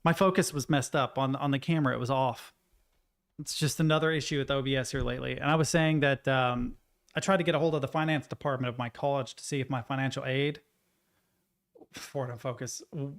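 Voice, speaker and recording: A young man with a medium-pitched voice chats casually on a live stream. He rants, swears a lot, and retells events in an animated way.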